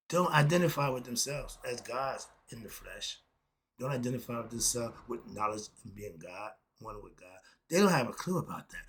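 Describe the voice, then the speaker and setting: A man's voice: medium pitch, animated, moderate pace, husky. A man talking as a self-styled philosophy teacher in an impassioned solo talk, rambling and blunt with frequent cursing.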